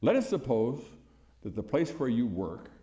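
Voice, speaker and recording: A man's voice: medium pitch, very animated, moderate pace, warm tone. An older American man, a former congressman, giving a folksy speech to an audience, full of anecdotes, chuckles and punchy rhetorical questions. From United States. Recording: echoey hall.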